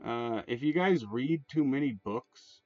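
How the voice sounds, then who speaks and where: A man's voice: medium pitch, lively intonation, a little slow, no echo. A man hosting his channel, rambling and swearing in casual commentary, restarting often and leaning on fillers. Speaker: channel host. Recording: dull lo-fi sound, dry, faint music.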